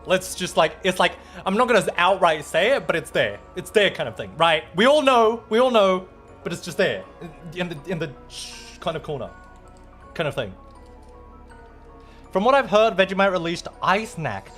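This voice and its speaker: A man's voice: high-pitched, very animated, normal speed, a bit bright, faint music behind. A man with an Australian accent streaming, chatting casually and playfully as he reads out viewer messages, rambling and swearing now and then.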